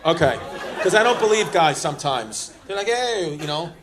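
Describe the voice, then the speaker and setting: Brash New stand-up comic. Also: male voice, a little high, big pitch swings, a little fast, background noise. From Queens, New York. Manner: brash, profane, teasing the audience. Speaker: stand-up comedian. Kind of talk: stand-up comedy, crowd work. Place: comedy club stage. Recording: live club with loud crowd laughter.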